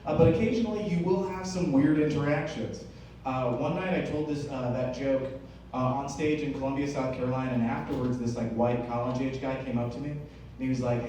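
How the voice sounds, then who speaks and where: A young man doing a stand-up comedy set on stage, telling stories with lots of filler "uh"s and slow, deadpan punchlines. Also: a little high, slight background noise. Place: comedy stage with a live audience. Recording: roomy, far-off live venue recording.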